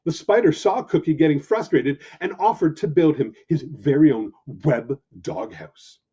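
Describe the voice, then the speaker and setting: Brief: husky, mellow male storyteller, slow and very animated, lo-fi recording. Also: on the high side. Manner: animated, expressive narration. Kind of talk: children's story reading. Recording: dull lo-fi recording.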